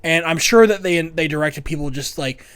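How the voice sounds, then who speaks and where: A man's voice: a little high, normal speed, a bit bright, clear, resonant tone. A young man co-hosting a casual movie review podcast, often quoting lines in put-on voices. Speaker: podcast co-host.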